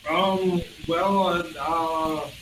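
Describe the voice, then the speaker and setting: A man's voice: fairly high pitch, fairly even intonation, drawn-out words, fairly bright tone. A man playing a tabletop game, hesitant at first and given to dry quips. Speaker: player. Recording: distant echoey mic with noise.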